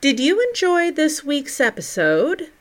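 A woman's voice: high voice, big pitch swings, measured pace. A woman hosting a paranormal podcast, giving a bubbly, giggly outro.

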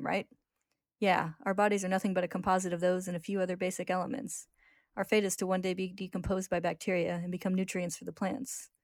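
A woman's voice: on the low side, no room sound, clean studio sound, close to an everyday voice. A woman reading the lines of a determined teenage boy alchemist in a recap, in an earnest, dramatic way.

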